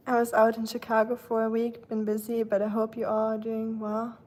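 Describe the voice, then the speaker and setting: A woman's voice: a little high, completely flat delivery, normal speed, a little mellow, low-quality recording. A woman live streaming and chatting casually with her viewers, playful and laughing often. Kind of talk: casual chat. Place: at home, rain outside. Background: rain ambience.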